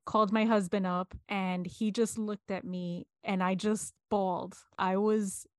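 A woman co-hosting a podcast, recounting her experiences earnestly in a storytelling manner, with trailing pauses. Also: mid-range voice, level tone, no echo. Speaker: podcast co-host. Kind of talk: candid conversation.

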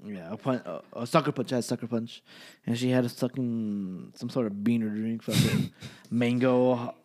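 A man's voice: mid-range voice, normal speed. A man from California telling a story in casual chat, swearing constantly and laughing as he goes. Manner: profane, animated, laughing through his story.

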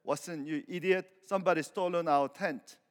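Sherlock Holmes, as a pastor puts him on terse and blunt. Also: male voice, on the high side, steady tone, moderate pace, close to an everyday voice. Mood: quiet, blunt. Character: sharp, curt male detective. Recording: long hall reverb.

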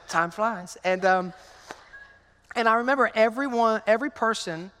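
High-voiced energetic male pastor preaching. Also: a little slow, slight background noise. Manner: energetic, conversational, calls out to the congregation. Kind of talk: lively sermon. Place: large church sanctuary. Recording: long hall reverb in a church.

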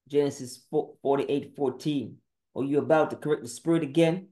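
A man's voice: fairly high pitch, brisk, dark tone. A man preaching a sermon monologue, firing off terse Bible verse citations in a confrontational way. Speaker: podcast preacher. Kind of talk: scripture-citing sermon monologue.

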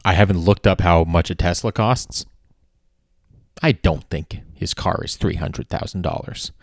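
A man with a fairly low voice recounts a story on his podcast, rambling, doubling back on himself and dropping swear words for emphasis. The sound is dry and close, with no room around it. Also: unhurried, creaky, dry recording. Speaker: podcast host. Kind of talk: casual storytelling.

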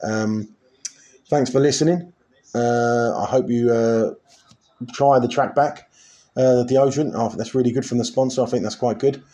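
A man's voice: medium pitch, normal speed, warm tone. A man hosting a casual podcast, rambling with lots of ums and uhs. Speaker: podcast host.

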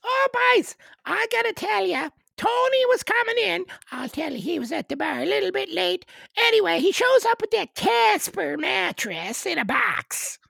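Brief: loud, high-pitched old Newfoundland codger, hollering and boisterous. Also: male voice, big pitch swings, moderate pace, creaky, few pauses, no room sound, studio quality, full character voice. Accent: put-on Newfoundland. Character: rowdy old rural Newfoundland man, boisterous.

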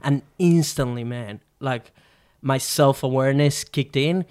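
A man co-hosting a podcast, telling a story in casual chat, animated and profane, with quick restarts and lots of fillers. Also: medium pitch, smooth. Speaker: podcast co-host.

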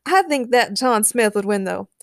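A woman voicing an eager young male reporter who talks excitedly. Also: fairly high pitch, moderate pace, creaky, dry recording, studio quality. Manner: excited, upbeat.

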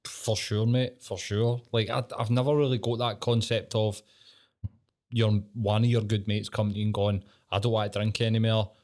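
Scottish male co-host, lower voice, laughing, sweary banter. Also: level tone, moderate pace, a little mellow. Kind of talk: casual chat.

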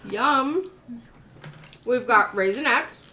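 Chatty woman cohost, bit high voice, laughs a lot. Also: animated, extremely slow, pushed and bright, slight background noise. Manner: chatty, laughs often, lists things eagerly. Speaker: co-host. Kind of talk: casual group chat.

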